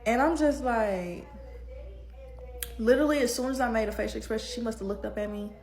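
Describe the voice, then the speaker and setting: A woman's voice: a little high, fairly quick. Slangy young woman telling a story. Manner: animated, slangy, conversational. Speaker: hairstylist. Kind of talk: casual storytime.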